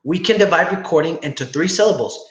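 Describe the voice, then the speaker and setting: A young male teacher speaks over a video call in a fairly high, patient voice, walking students through each step and checking in often. The room sounds echoey, with a faint hiss of noise behind him. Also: animated, fast. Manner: patient, explains step by step with frequent "right?" checks. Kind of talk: online class instruction.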